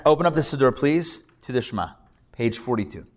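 In a reverberant hall with a live audience, a rabbi teaches a Hebrew reading class, patiently drilling his students on pronunciation. His voice is medium-pitched, expressive, and brisk.

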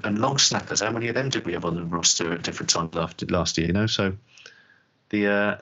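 Deep-voiced Irish man, laid-back. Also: pushed and bright. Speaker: podcast co-host. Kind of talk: casual sports podcast chat. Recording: dull lo-fi sound.

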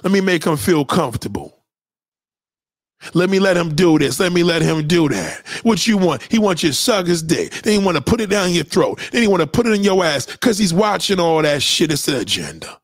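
Man, high-pitched, heated profane rant, blunt, repetitive, dry recording. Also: sing-song, brisk, no echo. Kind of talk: profane ranting monologue to followers.

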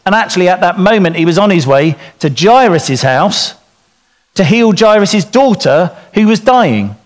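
A middle-aged man giving an informal sermon to dads, telling stories in an animated way and acting out the quotes. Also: high-pitched, moderate pace. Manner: animated storytelling, acts out quotes. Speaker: speaker at a church talk for dads.

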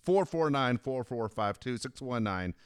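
A man's voice: lively intonation, clear, resonant tone, dry recording, studio quality. A man co-hosting a radio show, chatting casually and doing a live ad read with a salesman's push. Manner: fast, pitchy, salesman-like delivery.

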